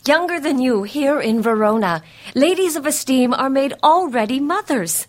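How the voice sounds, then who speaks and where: A woman's voice: high voice, expressive. An actress playing a formal noble mother who presses her daughter to marry, in a Shakespeare reading. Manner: measured and formal.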